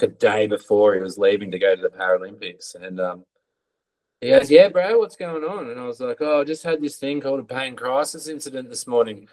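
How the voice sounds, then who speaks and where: A man's voice: fairly low pitch, poor audio. A man, a podcast guest, telling stories in a loose, swearing, casual way and acting out other people's lines. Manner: swears freely, lively storytelling with quoted voices. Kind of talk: casual storytelling interview.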